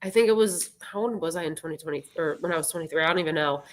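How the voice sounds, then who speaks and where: Her voice sits low and she talks very fast, a musician in her twenties guesting on a show. The birthday chat is casual and chatty, with "like" dropped into nearly every sentence.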